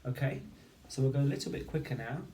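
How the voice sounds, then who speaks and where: A male teacher giving a patient phonics lesson, slowly sounding out each word and syllable. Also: mid-range voice, animated, dark tone. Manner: slow, patient, sounding out words. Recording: roomy, distant mic with faint noise.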